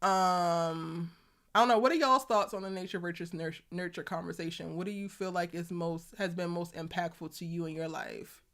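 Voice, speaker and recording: A woman's voice: on the low side, fairly even intonation, moderate pace, fairly bright tone. A young woman with a Baltimore accent hosting a casual live stream, chatting and reading viewer comments aloud with frequent laughs.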